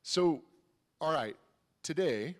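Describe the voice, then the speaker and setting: A man's voice: fairly high pitch, lively intonation, slow pace. A man hosting a conversational interview, encouraging and enthusiastic toward his guest. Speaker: interview host.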